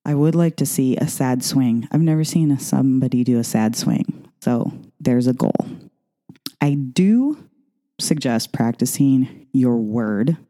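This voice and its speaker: A woman's voice: very deep voice, animated, unhurried, dark tone. A middle-aged woman, a ballroom dance coach, talking casually in a chatty, rambling way full of asides. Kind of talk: casual monologue.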